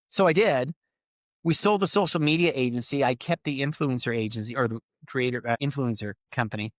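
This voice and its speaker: Middle-aged male podcast guest, animated raconteur, plays out dialogue, dry recording. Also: medium pitch, fairly quick, dry recording. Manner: animated storyteller, acts out quoted lines. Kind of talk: casual storytelling interview.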